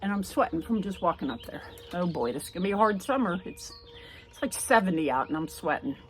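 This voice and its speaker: A woman's voice: fairly low pitch, animated, fast, faint music behind. Chatty older woman on a backyard walk. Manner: chatty and homespun, talking aloud as she walks. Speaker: home and garden vlogger. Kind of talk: casual walk-through vlog. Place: outdoors in a backyard and on a porch.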